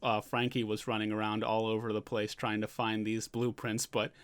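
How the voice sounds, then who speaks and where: A man's voice: lowish voice, level tone, moderate pace, clear, resonant tone. A man giving a casual, rambling recap of a manga chapter as a reviewer, loosely paraphrasing the scenes.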